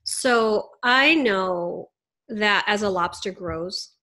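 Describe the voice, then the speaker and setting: A woman's voice: mid-range voice, extremely slow, sharp tone. A woman guest in a casual spiritual chat, explaining ideas confidently and reaching for metaphors.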